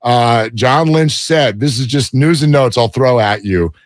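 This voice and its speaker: Man, sports radio co-host, casual banter, mid-pitched voice, dry close studio mic. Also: measured pace, no echo. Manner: chatty, reads out news items.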